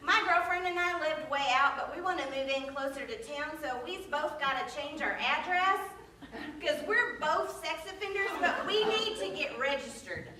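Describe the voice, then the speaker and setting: A woman's voice: sits high, lively intonation, normal speed, bright, forceful tone, recorded from a distance, a little hiss or hum. A woman voicing a blunt, plain-spoken man at a service counter, heard from afar in an echoey hall.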